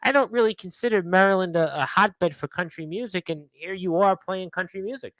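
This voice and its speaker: A man's voice: sits high, fairly quick, fairly bright tone, dry recording, low-quality recording. A man hosting a radio interview, asking questions in long run-on remarks. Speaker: radio show host.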